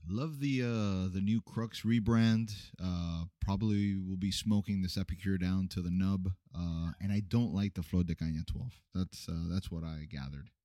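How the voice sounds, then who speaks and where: A male co-host in a casual chat sounds laid-back and a little hesitant. His voice is low and mellow, and the recording is dry. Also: normal speed, hardly any pauses, no echo. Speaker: podcast co-host.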